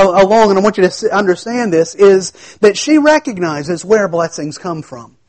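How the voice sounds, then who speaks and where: A man preaching an expository sermon in a conversational way, acting out the quoted lines of the story. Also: high-pitched. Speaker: pastor.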